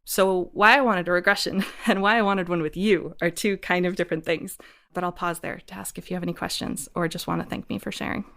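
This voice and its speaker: A woman's voice: lowish voice, steady tone, brisk, creaky, fairly bright tone. A woman in her forties, a podcast guest, telling a personal story openly and reflectively, laughing often. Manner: reflective and open, with frequent laughter. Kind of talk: candid personal storytelling in a conversation.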